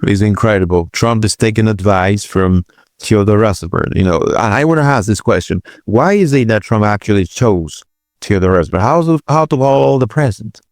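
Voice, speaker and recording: Hesitant low-voiced man reacting to clips. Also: animated, moderate pace, dry recording, studio quality. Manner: hesitant restarts, incredulous exclamations. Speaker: political commentary host. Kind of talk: reaction commentary.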